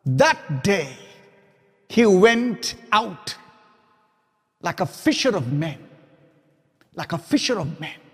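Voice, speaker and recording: A pastor preaching a sermon, building to loud, emphatic repetition of his points. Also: high-pitched, big pitch swings, slow, long pauses, husky, big-room sound.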